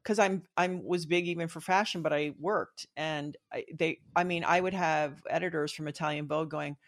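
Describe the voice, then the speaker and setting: A woman's voice: sits low, fairly even intonation, normal speed. A middle-aged woman speaking as a guest in a casual interview, reflective and earnest, often restarting her sentences.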